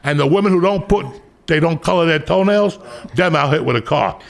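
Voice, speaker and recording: A man in his sixties hosts a podcast with a rough, gravelly voice that sits a little high. He tells crude stories in loud, profane rants and laughs through them. The recording carries clear background noise. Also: fairly quick. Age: 60s. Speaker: podcast host. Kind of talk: crude comedic storytelling.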